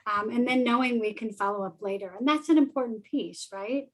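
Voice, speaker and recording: Thoughtful woman with a higher voice. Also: fairly quick, poor audio. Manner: thoughtful, many fillers like um and right. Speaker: parenting educator on a webinar panel. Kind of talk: conversational webinar talk.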